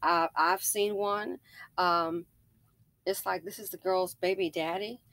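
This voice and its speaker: A woman hosts a casual commentary video, talking emphatically and wandering into side stories. Her voice is bright and sharp. The recording is dry and close. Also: fairly low pitch, steady tone, slow pace, no echo. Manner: digressive, emphatic storytelling. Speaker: commentary channel host.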